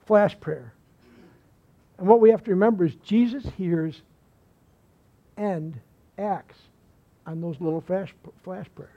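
A man with a high voice delivers a sermon as a pastor, pressing hard on key phrases and then dropping almost to a murmur. The recording sounds dull and lo-fi, with the top end muffled. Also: takes it slowly, gravelly, pauses often. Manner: emphatic preaching, dropping to hushed lines.

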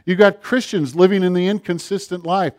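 A middle-aged man preaching a sermon, rising to loud passages and dropping to near-whispers. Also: high-pitched, fairly even intonation, brisk. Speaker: pastor.

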